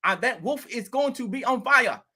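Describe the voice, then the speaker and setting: A man voicing his excited neighbor, a crypto newbie who boasts in a high, gleeful voice. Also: moderate pace, slightly rough, full character voice.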